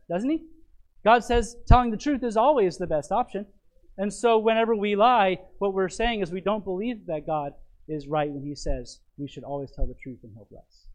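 A male preacher with a notably high voice delivers a sermon. He hammers home key phrases by repeating them and keeps pulling listeners in with questions like "isn't it?". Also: a little mellow, rough recording. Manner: emphatic, repeats key phrases, asks rhetorical tag questions.

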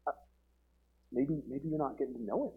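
A man's voice: medium pitch, a little fast, husky, narrow, tinny audio. A young man preaching an informal sermon to a church congregation, earnest and emphatic, often repeating himself and using "like" as a filler. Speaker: lay preacher. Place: church service before a congregation.

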